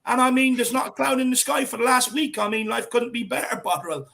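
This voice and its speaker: A man with an Irish accent co-hosting a fan show, chatting casually and reading out viewer comments with shout-outs. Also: very high voice, fast, creaky. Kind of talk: casual live-stream chat.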